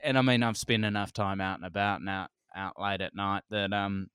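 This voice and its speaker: A New Zealand man in his forties chats on a podcast in a smooth, resonant voice. He tells stories with lively energy and acts out what other people said. The sound is dry and close. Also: fairly low pitch, brisk, no echo. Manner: animated storyteller, acts out quotes, laughs often. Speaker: comedian guest. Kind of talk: casual podcast chat.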